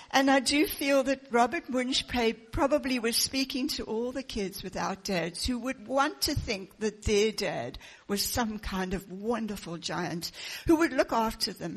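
A woman preaching a sermon, reading a children's story aloud with expressive storytelling. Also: fairly high pitch, husky.

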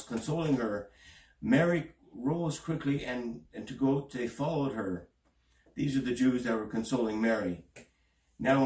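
Earnest male preacher in an echoey room. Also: recorded from a distance. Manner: earnest, reads scripture aloud and rises in pitch for emphasis. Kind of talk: sermon. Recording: roomy, from off the mic.

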